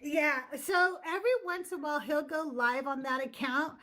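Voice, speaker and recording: A woman's voice: sits high, normal speed, bright, forceful tone. A woman hosting a casual debate livestream, bubbly, laughing often and swearing casually. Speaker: podcast host.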